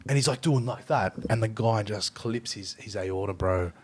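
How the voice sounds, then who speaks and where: An Australian man hosting a podcast, chatting casually and telling animated stories, swearing freely. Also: lowish voice, moderate pace, slightly rough. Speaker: podcast host. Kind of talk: casual chat.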